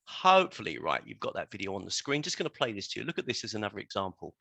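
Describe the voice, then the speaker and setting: A man's voice: on the low side, big pitch swings, racing, vocal fry, sharp tone, no room sound. A man giving a live online webinar to teachers, talking them through examples while screen sharing.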